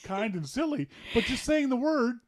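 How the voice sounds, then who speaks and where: A man's voice: extremely high pitch, big pitch swings, moderate pace, slight background noise. A middle-aged man with a Canadian accent, hosting a casual podcast chat, joking and mock-exasperated. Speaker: podcast host.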